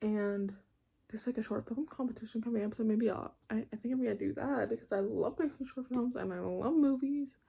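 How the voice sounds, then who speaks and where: Her voice is a little high and brisk, warm but creaky with a breathy edge. She's a young adult vlogger at university, rambling through a casual bedroom rant and frequently interrupting herself with laughter.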